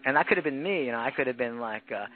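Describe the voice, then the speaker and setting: A man's voice: mid-range voice, lively intonation, very fast. A man who grew up in France, a guest musician chatting casually in an interview, rambling with lots of fillers. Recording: tinny phone-like line, faint noise.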